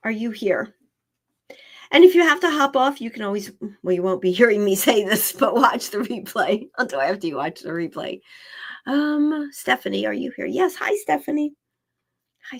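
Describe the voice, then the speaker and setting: A woman working as an animal communicator, giving live readings in a chatty way, often repeating herself and laughing. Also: a little high.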